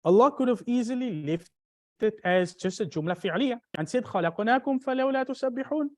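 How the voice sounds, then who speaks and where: In a classroom lecture on Arabic grammar, a teacher with an expressive, mid-range voice often questions the class and restarts phrases. Short Arabic verses come out in quick recited bursts.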